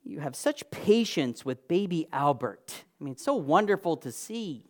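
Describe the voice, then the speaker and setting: A man's voice: on the high side, big pitch swings, moderate pace, a little mellow. A man acting out a courteous woman who compliments a stranger in a supermarket. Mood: admiring. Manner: courteous, formal. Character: polite admiring woman shopper.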